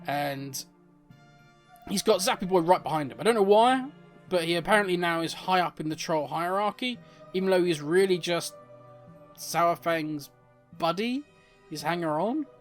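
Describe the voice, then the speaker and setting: A man hosting a casual, opinionated commentary on game lore, often exasperated. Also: a little high.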